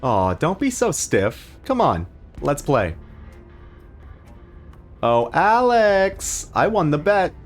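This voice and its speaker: A man's voice: a little high, very animated, slow pace, pauses often, soft background music, voice pushed up. A man voicing a giggling, bloodthirsty young woman villain from a video game, with cackling, sing-song taunts. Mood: taunting.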